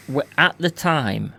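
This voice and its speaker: A man's voice: on the high side, vocal fry, sharp tone. A man from Yorkshire, a podcast guest, chatting informally and saying "like" a lot. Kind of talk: casual chat.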